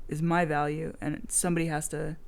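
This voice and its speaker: A woman's voice: sits low, level tone, a little fast, creaky. A woman video blogger in casual chat, telling a rambling story frankly and swearing freely.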